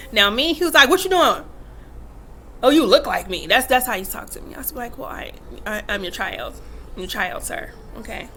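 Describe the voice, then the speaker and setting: A woman's voice: fairly high pitch, sharp tone, slight background noise. A woman in her thirties talking candidly to the camera, emphatic and acting out quotes as she tells stories about parenting. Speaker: vlogger and mother. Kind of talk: casual talk to camera.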